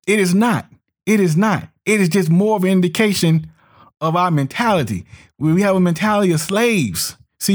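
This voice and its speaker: A man delivering a heated monologue, emphatic and repetitive, often restarting his words and slipping into sneering mock voices. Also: a little high. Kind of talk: ranting monologue commentary.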